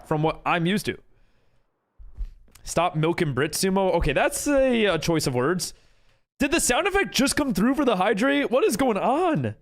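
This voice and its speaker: An American man chatting casually on a live game stream, reading and answering his chat as he builds. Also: high-pitched. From United States.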